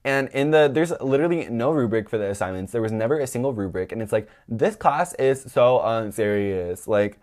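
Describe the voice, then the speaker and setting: A young man hosting his own podcast, telling a story in a rambling, animated way, full of "like" and swearing. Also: mid-range voice, fairly quick, hardly any pauses. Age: young adult. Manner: acts out quoted people in a raised voice. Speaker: podcast host. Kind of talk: casual storytelling monologue.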